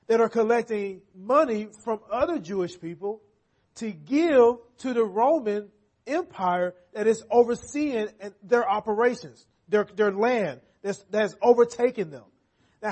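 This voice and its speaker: A man preaching a sermon in a church, in a relaxed conversational manner, often checking in with the congregation. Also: high voice, husky. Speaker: pastor.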